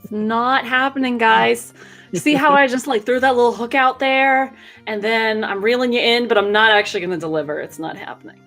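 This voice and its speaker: A woman's voice: a little high, fairly quick, a bit bright, faint music behind. Teasing, exasperated female co-host. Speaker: podcast co-host. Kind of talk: casual chat.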